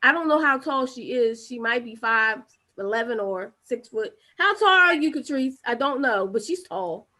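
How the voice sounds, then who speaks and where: A woman with a high voice hosts a casual live-streamed interview over a video call. She chats freely, restarts her sentences and reads viewer comments aloud. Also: expressive, moderate pace, sharp tone. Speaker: host of a live-streamed talk show.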